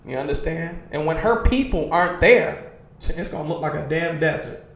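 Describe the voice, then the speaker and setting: A man with a notably high voice leads a streamed religious class in a forceful preaching style. He drives each point home and keeps asking his listeners if they understand. His voice rings around an echoey room. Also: normal speed, vocal fry. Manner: emphatic, constantly asks "you understand?" and says "man". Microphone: livestream computer mic.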